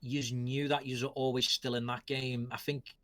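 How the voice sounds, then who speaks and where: A man's voice: medium pitch, little pitch movement, normal speed, fairly bright tone. A man hosting post-match interviews, asking rambling questions full of ums and restarts.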